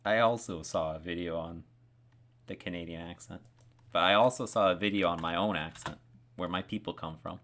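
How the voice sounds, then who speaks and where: A man's voice: low voice, fairly quick, a bit bright. A man casually chatting on a live stream while he learns a language. He chuckles often and repeats phrases aloud to try out accents.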